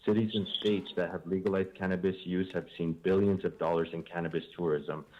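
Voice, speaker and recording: A man reads a prepared statement in a measured, steady way. His voice is very deep, and it comes through a dull, muffled line. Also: slight background noise. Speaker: public commenter. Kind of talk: prepared public comment.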